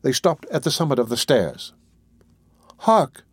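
A man reading a classic novel aloud as narrator, steady and measured. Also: mid-range voice, breathy edge, dry recording.

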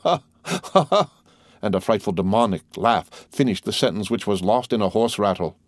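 Low-voiced guy reading an old novel, steady and formal, dry close mic. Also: fairly quick, no echo. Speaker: audiobook reader. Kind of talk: scripted narration. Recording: dry close audiobook recording.

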